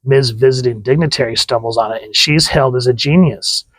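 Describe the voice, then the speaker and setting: A man's voice: mid-range voice, a little fast, fairly bright tone, dry recording. A man reading as a sulking, put-upon guy. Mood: grumbling. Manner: reads aloud from a comic.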